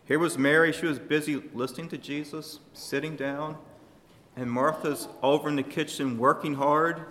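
A man preaching a sermon to his congregation, speaking emphatically and shifting his loudness for emphasis. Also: a little high, steady tone, moderate pace, big-room sound, slight background noise.

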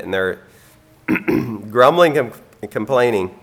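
A man preaching a sermon in an earnest, plain-spoken way, with frequent ums and some throat clearing. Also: deep voice, measured pace.

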